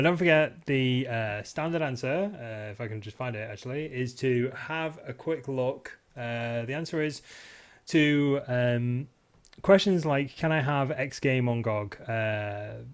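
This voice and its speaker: A man with an everyday middle-range voice hosts a gaming podcast. He moves the show along in an easygoing way, dotted with ums and uhs. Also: mid-range voice. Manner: relaxed, steering the show with fillers. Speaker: podcast host. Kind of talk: casual chat.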